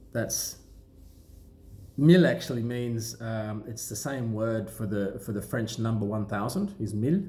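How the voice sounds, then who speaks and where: A man with a somewhat low voice talks casually to camera, wandering through his points with plenty of ums and restarts. He sounds like a seasoned watch dealer sharing know-how. The room around him is noticeably echoey. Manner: relaxed, rambling, lots of ums and restarts. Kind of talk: casual explanatory talk to camera. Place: sunlit indoor room.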